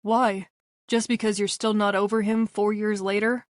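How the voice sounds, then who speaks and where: A woman voicing an easygoing, joking young man with a flat, steady delivery, in a storybook reading. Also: medium pitch, moderate pace, dry recording, clean studio sound, close to an everyday voice.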